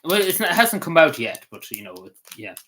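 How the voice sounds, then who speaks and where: A man's voice: a little high, very animated, brisk, pushed and bright, slight background noise. A man with an Irish accent giving casual, meandering commentary as a vlogger, swearing freely and padding his talk with fillers.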